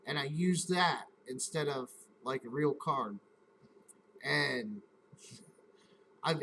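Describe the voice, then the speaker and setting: A man with a slightly higher-than-usual voice hosts a casual live stream. He rambles through a story, swearing freely and replaying his own reactions out loud. A faint hum of noise sits behind him. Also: poor audio.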